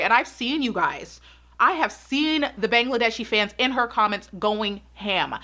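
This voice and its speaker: Brief: woman, vlog commentator, higher pitch, bright and forceful, hammers points home by repeating them. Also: lively intonation, moderate pace. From United States. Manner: emphatic, repeats points for stress, gets worked up. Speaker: pageant commentary YouTuber.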